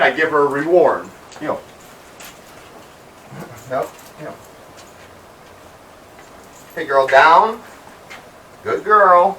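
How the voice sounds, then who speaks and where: A man training a dog outdoors in the shade, explaining calmly between sharp sit and heel commands, recorded by a camera at a distance. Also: on the high side, a little hiss or hum. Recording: roomy, distant outdoor sound, faint ambience.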